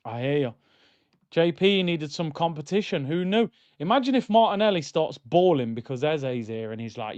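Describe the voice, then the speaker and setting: Male watchalong host, fired-up match banter, a bit high, slightly muffled dry mic. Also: normal speed, no room sound. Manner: excitable, banter-heavy, shouts at goals. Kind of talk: live match watchalong commentary.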